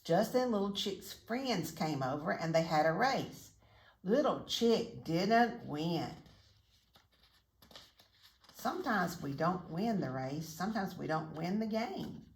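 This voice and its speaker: A woman reading a picture book aloud to children in a slow, expressive storytelling manner with friendly asides. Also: lowish voice, roomy sound, slight background noise.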